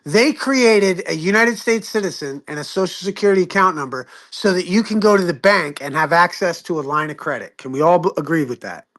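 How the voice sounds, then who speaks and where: A man leading a casual group discussion, talking emphatically in quick bursts and swearing freely. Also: high-pitched, expressive, fairly bright tone.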